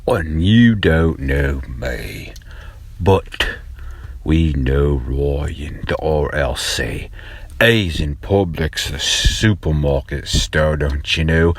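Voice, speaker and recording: A man's voice: rumbling low, husky, no echo, exaggerated voice. Man putting on a cheeky mock-British bloke. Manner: drawling, teasing, slangy. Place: in a car.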